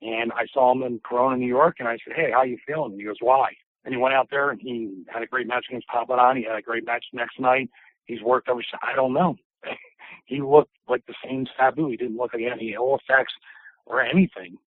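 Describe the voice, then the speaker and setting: A former wrestler, a man, telling lively anecdotes as an interview guest, acting out voices and laughing often. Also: medium pitch, fairly quick, dry recording. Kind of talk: casual storytelling. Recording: tinny phone line.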